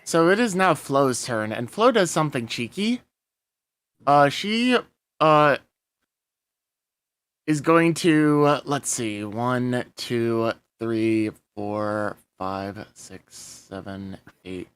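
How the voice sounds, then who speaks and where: A man's voice: medium pitch, slow, a bit bright, smooth, no room sound. A man narrating as game master of a tabletop game, swearing casually and laughing as he talks.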